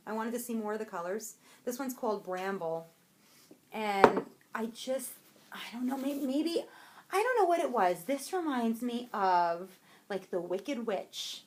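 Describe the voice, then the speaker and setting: A bubbly young woman with a fairly high voice talks through her purchases in a loose, rambling way. She restarts her sentences and trails off as her thoughts run ahead. It is relaxed podcast chat between friends. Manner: bubbly, rambling, self-interrupting. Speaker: podcast co-host. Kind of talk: casual chat about a yarn haul.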